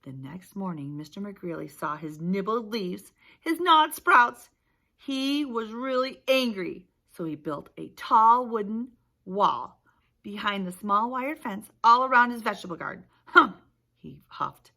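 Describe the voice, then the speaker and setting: A woman teacher reading a picture book aloud to young children, with lively gasps and questions. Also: mid-range voice, a little slow. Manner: animated storytelling, gasps and asks questions. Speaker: preschool teacher.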